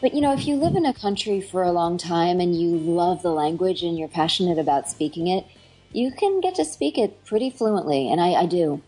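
This middle-aged actress and dialect coach chats eagerly in a casual interview, rambling enthusiastically with many fillers and restarts. Her voice is fairly low, animated, brisk, dark and husky. Soft music plays behind her, and the audio is poor.

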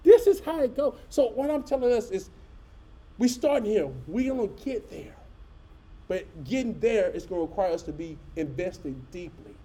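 Middle-aged preacher, high mellow voice, animated folksy storytelling, talks straight to the congregation. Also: male voice, normal speed, slight background noise. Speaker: pastor. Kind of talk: storytelling sermon.

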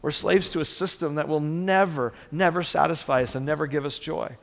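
A man's voice: fairly high pitch, steady tone, a little fast, creaky. A male pastor preaching a sermon, earnest and direct, often repeating words for emphasis. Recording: long reverb of a church hall.

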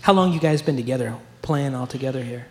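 A man from Iowa hosting a casual music interview, chatty and quick with asides. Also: mid-range voice, background noise. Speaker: radio host.

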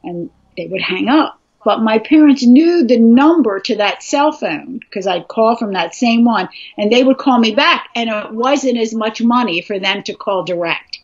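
A woman's voice: fairly high pitch, measured pace, hardly any pauses. A woman co-hosting a casual live stream, telling stories from her past. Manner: reminiscing, relaxed storytelling. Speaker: co-host. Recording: slightly dull, muffled sound.

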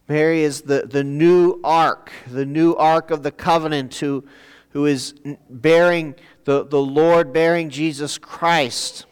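A man delivers a sermon at an unhurried pace, often repeating a word or two as he gathers his thought. His voice sits a little high and sounds clear and resonant. It rings out in a church with a long, lingering reverb. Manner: halting, repeats words while searching for phrasing. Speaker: pastor. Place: church sanctuary.

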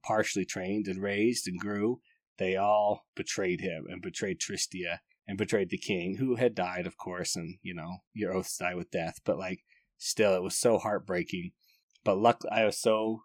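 A man's voice: sits low, dry recording, studio quality. A man giving a casual, enthusiastic book review, rambling and often restarting his sentences.

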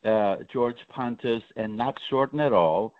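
A man's voice: mid-range voice, unhurried, no room sound, phone-quality sound. A man from Greece, a guest on a radio talk show, chatting at length and laughing often. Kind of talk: casual radio chat.

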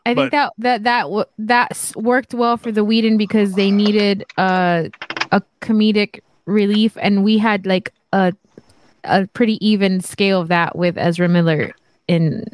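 A woman's voice: mid-range voice, fairly even intonation, a little slow. A woman chatting casually on a video call, enthusiastic and effusive. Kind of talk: casual chat.

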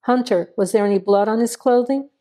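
A woman's voice: a little high, fairly quick, mellow, natural voice. A woman reading the part of a stern male sheriff who presses a suspect with firm, direct questions.

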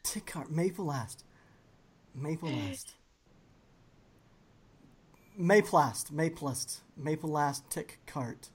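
A woman's voice: deep voice, expressive, slow pace, pauses often. A woman chatting casually in a party word game, sounding out puzzle phrases over and over. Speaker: game player. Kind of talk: casual chat.

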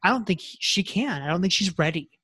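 A man's voice: high voice, animated, fast talker, fairly bright tone, breathy edge, dry recording. Man rambling earnestly in a dry room. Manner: rambling, lots of fillers and restarts, earnest. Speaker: podcast co-host. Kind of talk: casual chat recapping a reality show.

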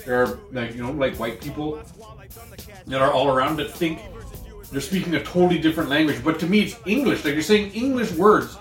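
A man's voice: a little high, brisk. A man co-hosting a casual chat podcast, swearing freely and laughing often. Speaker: podcast co-host. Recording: roomy, distant mic with faint music.

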